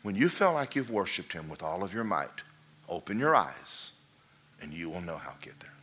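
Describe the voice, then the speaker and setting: A man voicing a calm, commanding big male lion who gives slow, hushed instructions. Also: on the low side, breathy edge, heavily acted. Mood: solemn.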